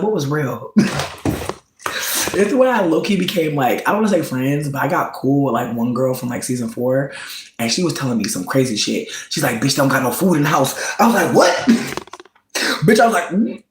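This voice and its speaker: A man chatting casually, gossiping about reality TV in a slangy, campy style. His voice swings into high squeals when he quotes reactions. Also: lively intonation, brisk, roomy sound, slight background noise, low-quality recording. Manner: slangy, campy storytelling with frequent "bitch" and "like". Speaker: vlogger.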